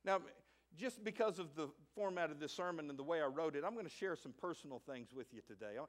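A middle-aged male pastor preaching a sermon in an animated way, moving from hushed asides to loud, emphatic lines. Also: on the high side, fast talker. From United States. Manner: acts out a child's voice in stories.

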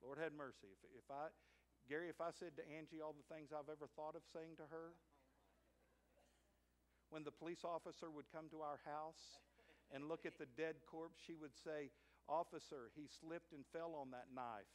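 Folksy Southern pastor preaching a sermon. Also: male voice, on the high side, flat delivery, normal speed. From United States. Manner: folksy storytelling, repeats words when starting sentences. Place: church sanctuary.

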